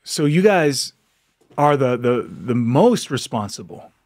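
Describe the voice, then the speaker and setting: A man's voice: mid-range voice, very animated, slow, darkish tone. A man hosting a podcast, delivering an impassioned monologue full of rhetorical questions and frequent laughs. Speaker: podcast host.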